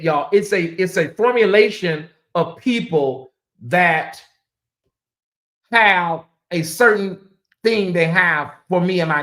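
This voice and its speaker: She has a lowish, fairly bright voice. As host of a casual livestream, she rambles, circles back over the same phrases, and speaks directly to her viewers in chat.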